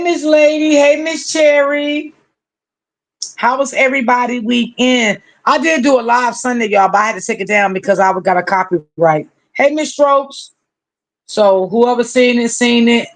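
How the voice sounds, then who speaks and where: A medium-pitched host with lively intonation speaks unhurriedly and pauses often while chatting on a livestream. Viewers are greeted individually by name, each greeting drawn out, and addressed warmly as honey or baby.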